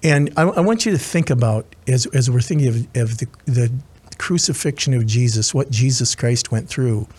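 Husky guy chaplain giving a sermon, earnest storyteller, keeps restarting himself. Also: medium pitch, moderate pace, a little mellow.

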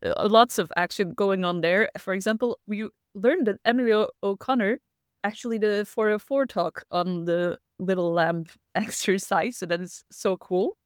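A woman's voice: mid-range voice, normal speed, smooth, no room sound, studio quality. A woman hosting a casual livestream talk, chatty and laughing often as she reads the chat. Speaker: host.

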